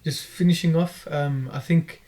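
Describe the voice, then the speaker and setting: A man hosting a podcast, his voice sitting a little high. He reasons aloud in a thoughtful, easygoing way. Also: steady tone, measured pace, crowd noise. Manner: reflective, answers with short religious interjections. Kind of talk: casual chat and reflection.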